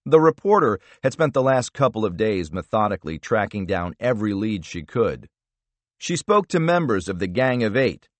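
A man narrating a thriller audiobook in a steady, measured reading style. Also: lowish voice, no room sound. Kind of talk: scripted narration.

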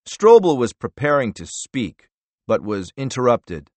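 A man narrating a thriller audiobook in a measured, low-key manner. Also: big pitch swings, darkish tone, dry recording. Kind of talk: scripted narration.

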